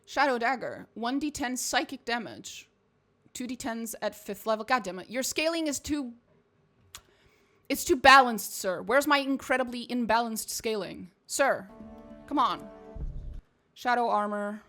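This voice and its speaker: Profane woman streamer with a high voice. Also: animated, unhurried, bright, forceful tone, soft background music. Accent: mixed British and American English. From Portugal. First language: Portuguese. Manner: profane, rambling, reads game text aloud. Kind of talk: casual gaming stream commentary.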